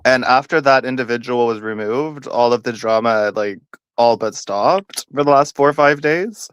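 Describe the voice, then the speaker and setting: A man joining a live stream as a guest, chatting in a relaxed way and laughing easily. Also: medium pitch, moderate pace, clean tone, no echo. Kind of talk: casual call-in chat.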